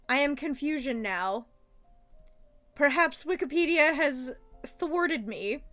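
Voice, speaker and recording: A woman's voice: high voice, a bit bright. A young adult woman hosting a casual review of a childhood cartoon, chatty and gushing, full of filler words. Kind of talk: casual commentary.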